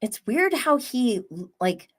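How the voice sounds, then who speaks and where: Gossipy, animated young woman livestreamer. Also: high voice, slow. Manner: gossipy, animated, swears freely, acts out quotes. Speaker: livestream host recapping reality TV. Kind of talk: casual chatty commentary.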